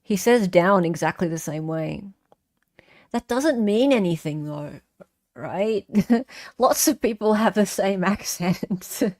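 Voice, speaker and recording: A woman's voice: mid-range voice, expressive, slow, a little mellow. A woman hosting a casual livestream, reading viewer comments aloud and answering them in a chatty way with frequent fillers. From Australia. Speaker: livestream host.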